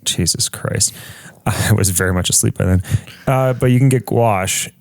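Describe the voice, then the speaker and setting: Male podcast co-host, low voice, dry mic, relaxed explainer who curses offhand. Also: moderate pace, creaky, dry recording. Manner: chatty, explaining, swears casually. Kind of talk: casual chat.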